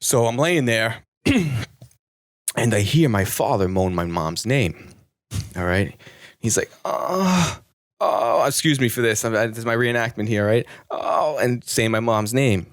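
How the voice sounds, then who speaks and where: A man's voice: mid-range voice, a little slow, no room sound, studio quality. A man in casual chat, telling a crude, rambling story with many restarts.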